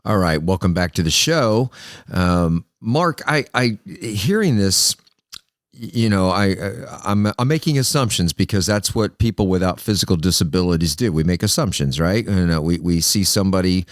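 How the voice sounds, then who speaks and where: A man hosting a podcast interview, speaking reflectively with pauses and fillers. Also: deep voice, animated, no room sound, studio quality. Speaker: podcast host. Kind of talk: casual interview.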